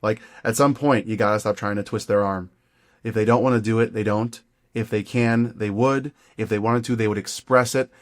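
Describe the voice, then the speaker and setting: Frank, low-voiced male podcast host. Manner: frank, conversational, a bit sassy. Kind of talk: casual podcast interview.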